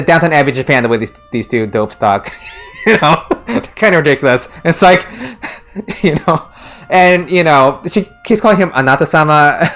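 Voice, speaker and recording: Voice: medium pitch, a bit bright. A streamer casually chatting about a game's translation, rambling with lots of restarts and laughter. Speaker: streamer, translation discussion host.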